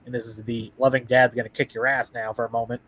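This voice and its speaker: A man's voice: medium pitch, little pitch movement, fast talker, a crowd in the background, low-quality recording. A man chatting casually about video games as a podcast co-host, dropping brief, dry remarks. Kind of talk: casual gaming chat.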